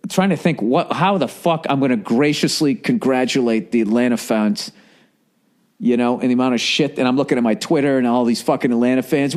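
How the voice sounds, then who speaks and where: A man, talking in a rambling, profane, animated monologue as a podcast host. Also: mid-range voice, a little fast. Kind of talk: casual monologue.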